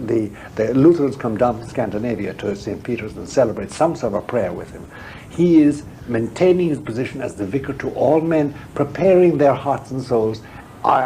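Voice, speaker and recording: Man, interview guest, theologian, emphatic and frank, mellow warm tone, faint hiss behind. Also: medium pitch, rough recording. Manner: emphatic, forthright, repeats words when pressing a point. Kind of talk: frank, discursive interview talk.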